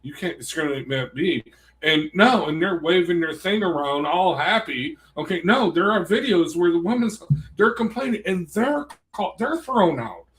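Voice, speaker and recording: A man in a casual conversation, telling a heated story in an animated, rambling way. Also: sits high, normal speed.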